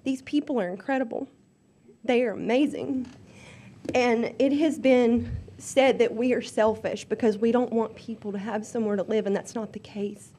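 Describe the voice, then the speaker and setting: A woman's voice: fairly high pitch, normal speed, warm tone. Nervous young woman. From Louisiana. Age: 20s. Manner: nervous and emotional, hesitant with many ums. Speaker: resident speaking at public hearing. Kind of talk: public comment at a zoning meeting. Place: public meeting room.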